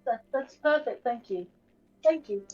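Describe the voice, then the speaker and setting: A woman's voice: on the high side, animated, measured pace, a little mellow. A woman playing a tabletop game, talking politely and eagerly as a player. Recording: dull sound with faint music.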